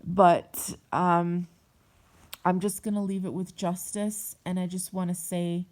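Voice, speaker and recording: A young woman talks straight to her viewers in a personal vlog, heated and blunt, with frequent swearing. Her voice sits a little low. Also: level tone, slow pace, darkish tone. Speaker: vlogger. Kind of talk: personal monologue to camera.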